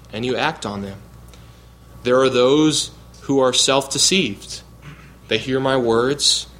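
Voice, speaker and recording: Guy preaching through a passage, asks questions then answers em, slows down to hit the big points, little bit of room hiss. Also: mid-range voice, a bit bright. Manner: teaching, asks the congregation questions and answers them himself; slows down to stress key points. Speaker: pastor. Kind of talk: expository sermon.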